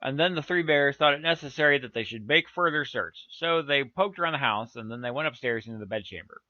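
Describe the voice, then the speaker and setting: A man's voice: mid-range voice, fairly quick, dry recording. A man reading a children's story aloud with playful asides to his listeners. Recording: dull, dry lo-fi recording.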